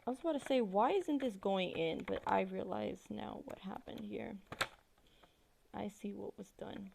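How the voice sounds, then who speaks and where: Gravelly-voiced woman streamer chatting casually. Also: medium pitch, moderate pace, background noise. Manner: rambling, profane, lots of "like". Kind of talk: casual livestream chat while crafting.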